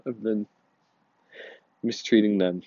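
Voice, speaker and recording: Slow-talking angry man, sighing. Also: lowish voice, steady tone, mellow, no echo, muffled recording. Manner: halting, repeats words, frequent sighs. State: angry and overwhelmed. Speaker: podcast host. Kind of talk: personal confessional monologue.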